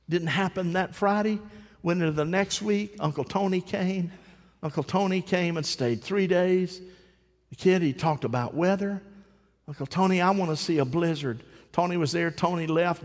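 Male pastor, story-driven sermon delivery, slightly high voice, reverberant hall. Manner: storytelling, animated voices for the child, halting restarts. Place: church.

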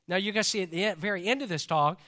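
A man's voice: high voice, racing, bright, forceful tone. A male pastor preaching a sermon in a church service, talking conversationally and joking with the congregation.

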